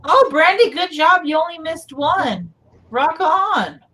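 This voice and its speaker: High-voiced woman chatting about home. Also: lively intonation, slow, pushed and bright. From South Carolina. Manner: friendly, laughing, storytelling. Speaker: guest. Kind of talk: casual live-stream chat.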